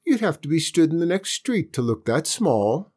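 A woman's voice: deep voice, big pitch swings, normal speed, a little mellow, slightly rough, voice pushed up, heavily acted. A woman voicing a sensible, unimpressed young boy in a storybook reading, dry and matter-of-fact. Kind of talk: storybook character voice.

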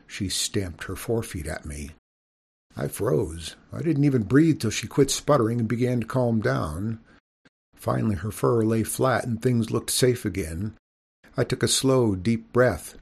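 A man's voice: mid-range voice, expressive, moderate pace, vocal fry, darkish tone, husky. A man reading a storybook aloud in the first person as a farm boy, with folksy rural speech. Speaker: audiobook reader.

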